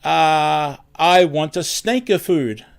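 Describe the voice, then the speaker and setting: A man imitating an older male customer with a heavy, Italian-sounding accent who speaks haltingly. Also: a little high, vocal fry, clean tone. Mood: insistent, puzzled. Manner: halting, questioning, hesitant.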